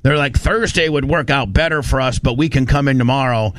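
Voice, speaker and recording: Animated man ranting on talk radio. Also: mid-range voice, brisk, no echo. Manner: animated storytelling, ranting, frequent restarts. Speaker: radio show host. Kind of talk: casual talk radio banter.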